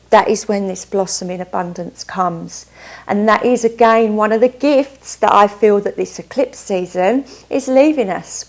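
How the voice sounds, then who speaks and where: A woman's voice: mid-range voice, a little mellow. A woman doing a casual tarot card reading, upbeat and chatty, often stopping to add asides. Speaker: tarot reader.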